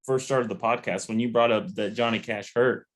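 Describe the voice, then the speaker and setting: A man hosting a podcast, chatting in a relaxed, agreeable way. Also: mid-range voice, normal speed. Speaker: podcast host. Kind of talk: casual interview chat.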